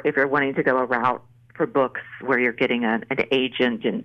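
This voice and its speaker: A woman's voice: very deep voice, a bit bright, dull audio. Earnest woman telling a faith story. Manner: earnest storyteller, acts out quotes. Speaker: author guest. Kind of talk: faith testimony in a podcast interview.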